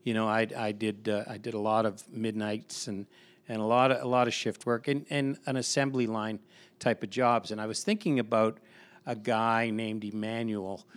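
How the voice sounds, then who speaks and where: A man's voice: on the low side, flat delivery, normal speed. A man, a pastor, chatting on a podcast and telling a work story with lots of restarts and repeated words. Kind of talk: casual podcast conversation.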